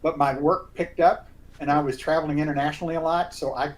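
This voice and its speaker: A man who acts in community theatre, telling animated anecdotes in a casual chat. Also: fairly high pitch, quick pace, poor audio. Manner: animated storyteller, does voices in quotes. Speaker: community theatre actor guest.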